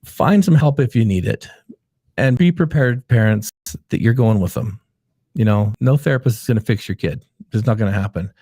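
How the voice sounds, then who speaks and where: A man's voice: on the low side, animated, moderate pace, warm tone, husky, no room sound, studio quality. A middle-aged man who hosts a live show as a therapist, talking earnestly and telling family stories as advice. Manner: earnest, storytelling, coaching tone. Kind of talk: casual advice chat.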